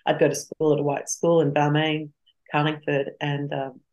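A woman's voice: low voice, monotone, normal speed, a little mellow. A woman being interviewed as a guest, telling stories from her own life in a reflective way. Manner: reflective storytelling. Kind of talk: conversational interview.

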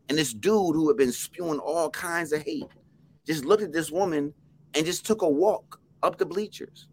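A middle-aged man from New Jersey, a podcast guest telling a story in an animated, emphatic way with restarts. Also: a little high, normal speed, a little hiss or hum.

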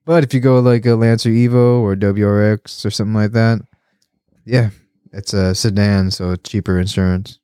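Cursing rambling guy on a podcast, mellow dark voice, laughs a lot, dry sound. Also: fairly low pitch, normal speed, smooth, no room sound. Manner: profane, rambling, laughs often, animated when complaining. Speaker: podcast host. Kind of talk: casual chat.

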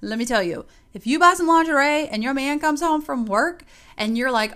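Young woman, mom-vlogger, fairly high voice, emphatic, direct encouraging talk. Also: expressive, moderate pace, fairly bright tone. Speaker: mom giving advice to mothers. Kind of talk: casual motivational talk to camera.

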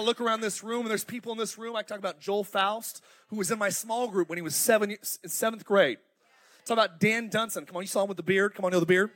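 High-voiced, fired-up male pastor. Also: quick pace. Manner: fiery, animated preaching with crowd call-outs. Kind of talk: sermon. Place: church auditorium.

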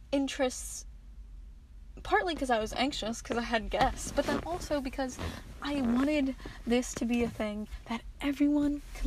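Solo podcast host, American woman, late teens, slightly higher pitch, loose and profane, lots of restarts, recording from a car. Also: a little hiss or hum, poor audio. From United States. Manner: candid, swearing, rambling with restarts. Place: inside a parked car.

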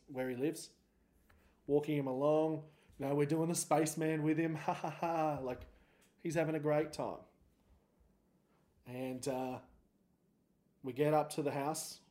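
Man, 30s, Australian accent, solo podcast host, laid-back, joking, rambling, warm mellow voice. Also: fairly high pitch.

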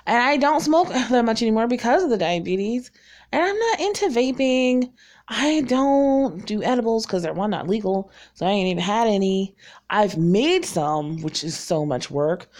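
Chatting candidly to her viewers, a roughly forty-year-old vlogger from North Carolina, who grew up in Virginia, rambles, laughs often, and pokes fun at herself. She has a voice on the high side with lively intonation, a moderate pace, and a darkish tone.

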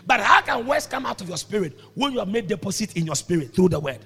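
A man preaching a sermon as pastor, breaking into shouts and sung phrases, recorded in a reverberant church hall with music behind. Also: sits high, very animated, fast, vocal fry.

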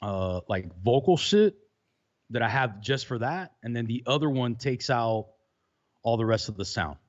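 A man's voice: mid-range voice, animated, unhurried, highs cut off. A male podcaster talking casually from a home room with some reverb, rambling with plenty of fillers. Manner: loose, rambling with many fillers. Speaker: podcaster guest. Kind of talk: casual chat.

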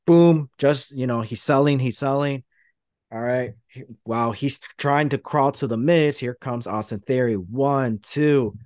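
A man's voice: medium pitch, a little slow, a little mellow, dry recording, clean studio sound. A man hosting a podcast, rambling through a play-by-play retelling in casual chat. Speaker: podcast host.

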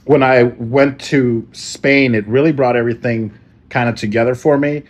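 American male host, middle pitch; casual and joking, with lively, friendly questions. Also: moderate pace. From United States. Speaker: podcast host. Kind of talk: casual interview chat.

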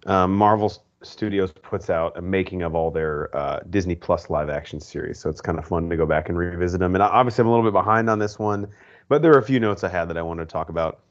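A man's voice: deep voice, fast, highs cut off. A man hosting a podcast, chatting enthusiastically in a casual way with frequent fillers. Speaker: podcast host. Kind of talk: casual chat.

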